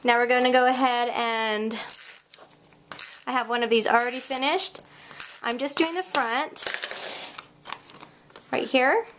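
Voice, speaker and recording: A young woman talks through a crafting tutorial at home, laughing off her own mistakes as she goes. Her voice sits a little high and carries some vocal fry. A faint hiss lies under the recording. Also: a bit bright. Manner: chatty, self-deprecating, talks while working. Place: home craft room, kids heard elsewhere in house.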